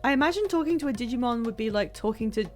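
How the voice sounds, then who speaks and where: Lively, animated woman streamer. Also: fairly high pitch, rapid-fire, soft background music. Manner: chatty, joking, talks to chat while playing. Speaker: streamer playing a video game. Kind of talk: casual live-stream gameplay commentary.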